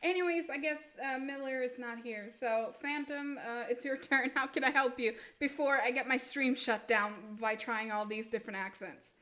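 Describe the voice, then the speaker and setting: High-voiced giggly woman streamer. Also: moderate pace, few pauses, bright, forceful tone. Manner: giggly, self-mocking, keeps trying silly accents. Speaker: live streamer doing tarot readings. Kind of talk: casual live-stream chat.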